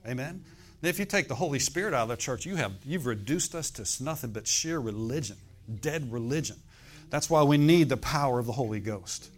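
A pastor, a middle-aged man, preaches a loose, conversational sermon, often checking in with the congregation by throwing in "okay?" and "amen?" between points. His voice is an ordinary middle pitch for a man, expressive and a little fast.

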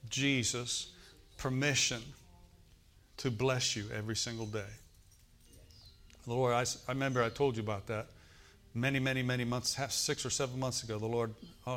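A man's voice: medium pitch, a bit bright. A middle-aged male pastor delivers a sermon from the pulpit. He declares prayers with fervor, then turns to telling stories to his congregation in a plain, direct way. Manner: fervent, declaring prayers and storytelling. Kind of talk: sermon with call-and-response prayer.

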